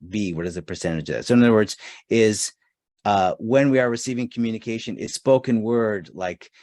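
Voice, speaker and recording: A man's voice: lowish voice, dry recording, clean studio sound. A man running a live online customer service training, talking casually and reading chat answers aloud with many fillers. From Canada. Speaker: webinar trainer.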